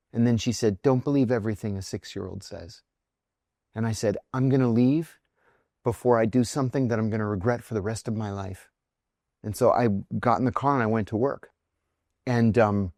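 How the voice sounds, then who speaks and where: Middle-aged guest, storyteller, mid pitch, dry close mic, animated quoted voices. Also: male voice, no room sound. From near Pittsburgh, United States. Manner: vivid anecdotes, acts out quoted voices. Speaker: podcast guest, former intelligence officer. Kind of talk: candid storytelling in conversation.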